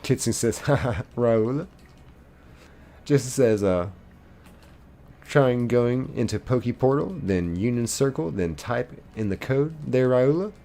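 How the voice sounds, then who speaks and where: A man's voice: medium pitch, expressive, slow pace, dark tone. A man live streaming a game, reading viewers' chat messages aloud and answering them playfully. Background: faint game music.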